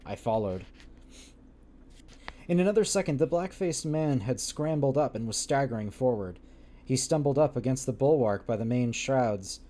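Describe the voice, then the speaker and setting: A man's voice: medium pitch, dark tone. Man reading an old novel aloud, wry. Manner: stumbles over old wording, laughs and adds wry asides. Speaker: livestream book reader.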